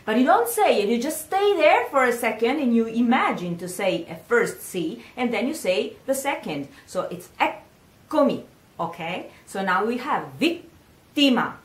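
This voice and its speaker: A woman with an Italian accent, a singing teacher, giving a patient pronunciation lesson and repeating words slowly. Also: on the high side, very animated. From Italy. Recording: echoey room.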